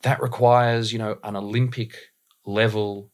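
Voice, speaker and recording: A man's voice: on the low side, flat delivery, unhurried. A man with an Australian accent, a voice and dialect coach explaining things thoughtfully in a podcast interview. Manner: thoughtful, explanatory, uses images and examples.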